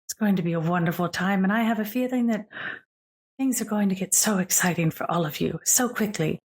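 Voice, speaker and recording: A woman's voice: mid-range voice, a little fast, a little mellow, husky, close to an everyday voice. A woman voicing a glamorous, unsettling woman who speaks in a honeyed tone and calls everyone darling. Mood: sweetly menacing.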